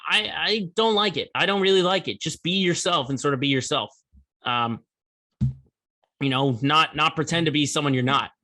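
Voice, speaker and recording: A man's voice: a little high, normal speed, pushed and bright. A man hosting a sports podcast, giving opinionated, conversational commentary with emphatic bursts.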